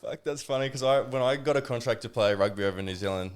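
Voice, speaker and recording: Animated swearing Australian host. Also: male voice, mid-range voice, fast talker, smooth. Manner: animated swearing storyteller, laughs often. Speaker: podcast host. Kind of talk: casual chat.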